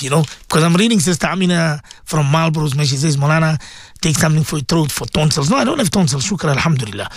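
Radio maulana, male, high and lively voice, dry studio sound, sore throat, impassioned preaching. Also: fast talker, no room sound. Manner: impassioned, repetitive, rising to emphatic peaks. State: sore throat, clearing it often. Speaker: Islamic radio host, maulana.

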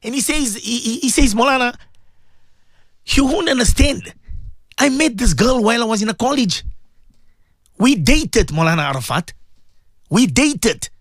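Animated radio cleric. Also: male voice, extremely high pitch, normal speed, pauses often, no echo, clean studio sound. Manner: animated, emotional storytelling with religious phrases. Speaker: radio host and Muslim cleric. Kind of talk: radio talk show storytelling.

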